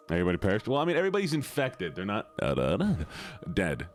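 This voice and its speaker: A man's voice: medium pitch, huge pitch swings, normal speed, long pauses. A man streaming a video game, chatting playfully with his viewers in casual commentary. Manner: playful, banters with chat, drops into silly voices.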